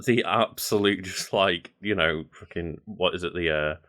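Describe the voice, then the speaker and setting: Lower-voiced podcast guy, laughing a lot. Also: normal speed, a bit bright. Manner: laughs often, rambling, searches for words. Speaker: podcast co-host. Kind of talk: casual gaming chat.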